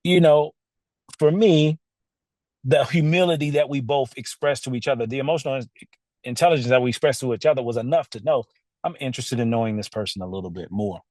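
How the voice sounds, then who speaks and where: A man's voice: mid-range voice, a little fast, a little mellow, no room sound. A man hosting a podcast, telling a story casually and animatedly, laughing often and talking straight to his listeners from a studio. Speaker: podcast host.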